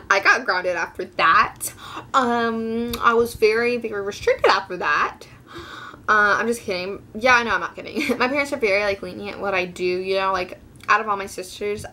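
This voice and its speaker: With a medium-pitched voice and a faint hiss or hum behind her, a teen vlogger rambles through a laid-back storytime for her audience. She leans heavily on fillers and acts out what others said in animated voices.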